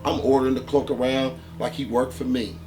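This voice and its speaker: A man's voice: mid-range voice, a little fast, soft background music. A man host telling a gritty street-life story in a profane, conversational way, often tossing in "man". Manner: animated, profane, conversational, with many "man" fillers.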